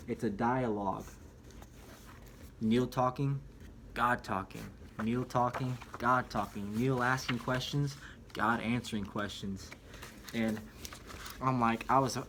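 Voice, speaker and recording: A man's voice: on the low side, a bit bright, a little hiss or hum. A young man talking casually to camera about a book, rambling and chatty, often calling the viewer dude or man. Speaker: vlogger reviewing a book. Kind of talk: casual spoken review.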